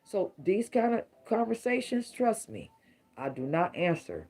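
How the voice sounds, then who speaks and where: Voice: mid-range voice, big pitch swings, unhurried, a little mellow, slightly rough. A middle-aged tarot reader giving a casual, emphatic reading to viewers, full of rhyming catchphrases.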